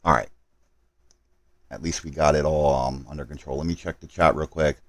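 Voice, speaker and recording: A man's voice: extremely low pitch, fairly even intonation, moderate pace, no echo. A man live streaming a game, talking to his chat while he hurries through setup and apologizes for his mistakes.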